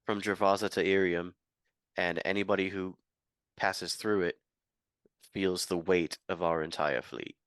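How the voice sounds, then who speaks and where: A man playing a seasoned ship captain in a tabletop game, speaking in a measured, composed way. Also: low-pitched, fairly even intonation, a bit bright, clean tone, no room sound. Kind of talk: in-character roleplay at a tabletop game.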